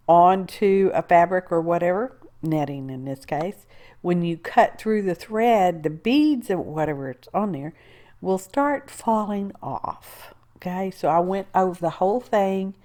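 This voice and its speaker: A woman with a fairly low, darkish voice narrates a casual crafting tutorial as a craft video host. As she works she chats, rambles with asides, and mutters to herself.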